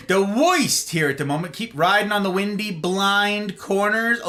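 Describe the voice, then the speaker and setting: A man's voice: a little high, moderate pace, hardly any pauses, sharp tone. A man streaming live, reading out his chat and joking with viewers in a rambling, casual way. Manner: rambling, jokey banter with viewers.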